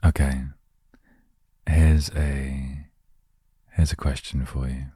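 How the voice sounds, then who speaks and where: A man hosting a calm show from inside his van, talking softly into a close microphone in a gentle, meandering, self-mocking way. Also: a bass voice, slow, breathy edge, dry recording. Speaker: host of a relaxation word show. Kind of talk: soft, rambling relaxation talk. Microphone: studio microphone, close.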